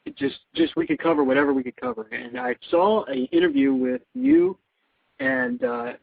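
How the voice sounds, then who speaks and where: A man hosting a radio interview who talks in an effusive, halting way, with many restarts. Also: very high-pitched, sing-song, creaky, dry recording. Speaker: radio show host. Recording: dry, tinny phone-like sound.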